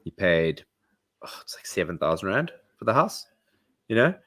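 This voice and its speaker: A man, a podcast host, explaining in casual chat in a brisk, opinionated way. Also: low voice, big pitch swings, pushed and bright, no echo, studio quality. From South Africa.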